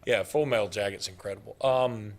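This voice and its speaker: A man's voice: on the low side, fairly quick. A man co-hosting a casual sports talk radio show, arguing his picks and joking with the host.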